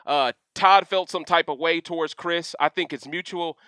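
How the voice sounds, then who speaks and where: Animated high-voiced man ranting on a livestream. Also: moderate pace, clean tone, dry recording, studio quality. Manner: animated, slangy, with catchphrases and asides. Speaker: livestream host. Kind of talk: casual livestream rant reading chat questions.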